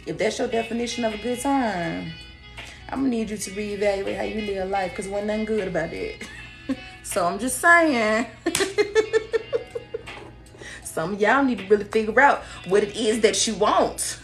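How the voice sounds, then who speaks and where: A woman's voice: on the high side, expressive, unhurried, long pauses, faint music behind. Sassy blunt woman giving a reading. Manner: sassy, blunt, laughs often, acts out quoted people. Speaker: tarot reader. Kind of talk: casual spiritual reading to viewers.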